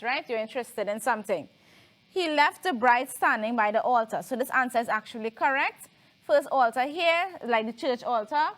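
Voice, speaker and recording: High-voiced woman teaching. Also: fairly bright tone. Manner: explanatory, frequent tag questions. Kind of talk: televised classroom lesson.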